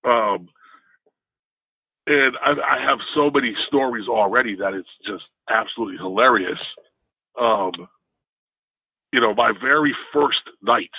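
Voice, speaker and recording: A man co-hosting a podcast, telling a story in an animated, casual way. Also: a little slow, gravelly, long pauses, slightly rough, no room sound. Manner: animated, jumps into higher pitch when telling a story. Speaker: podcast co-host. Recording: tinny phone-like dry sound.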